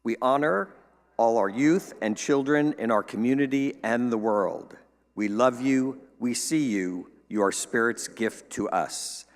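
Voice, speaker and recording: A man's voice: mid-range voice, unhurried. Male church host, cheerful announcer with jokey asides, reverberant sanctuary. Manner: upbeat, playful, joking asides. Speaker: service host giving welcome and announcements.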